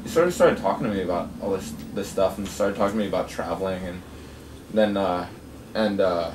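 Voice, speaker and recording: A man's voice: low-pitched, a little fast. A man casually telling a long travel story, rambling with many fillers and restarts. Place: outdoors at a gathering. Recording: distant mic with clear outdoor noise.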